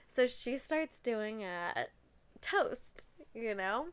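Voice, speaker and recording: A young woman hosting a podcast tells a personal story candidly and casually, swearing freely and saying "like" a lot. Her voice is a little high, very slow, and clean.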